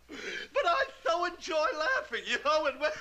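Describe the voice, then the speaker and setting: A man's voice: high-pitched, pushed and bright, a little hiss or hum, heavily acted. A man voicing a jolly old uncle who keeps laughing and giggling through his sing-song lines in a fan musical dub, with music behind.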